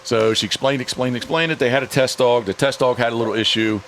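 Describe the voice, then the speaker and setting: Animated man telling a hunting-dog story. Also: medium pitch, fast, a little hiss or hum. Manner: animated storyteller, repeats words, frequent restarts; acts out other people's lines in hushed or shifted tones. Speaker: podcast host and dog handler. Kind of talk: casual podcast chat.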